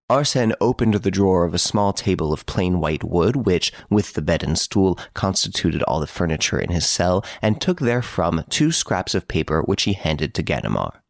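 A man narrating a classic mystery audiobook in a calm, storytelling manner. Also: sits low, moderate pace, vocal fry, hardly any pauses, no room sound, clean studio sound. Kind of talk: scripted narration.

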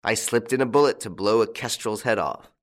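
A man's voice: on the low side, a little fast, close to an everyday voice. A man voicing the boastful, brash eldest son of a farmer. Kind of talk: audiobook character voice.

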